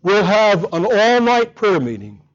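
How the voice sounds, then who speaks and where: High-voiced earnest male preacher. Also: very animated, unhurried, muffled recording. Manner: earnest, emphatic, with frequent repetitions. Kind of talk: sermon.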